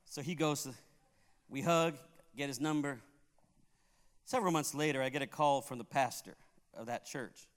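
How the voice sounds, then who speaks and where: A man's voice: mid-range voice, moderate pace, pauses often, clean tone. A man from Puerto Rico preaching a sermon as a pastor, telling a story and acting out the people in it. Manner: animated, acts out the people in his story. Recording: long hall reverb.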